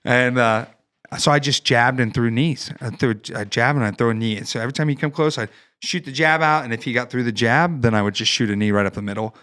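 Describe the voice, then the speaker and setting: A man from northern Ohio, a Marine veteran guest on a podcast, telling a wild story in a casual, profane, animated way with laughs. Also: mid-range voice, fast, smooth. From northern Ohio, United States.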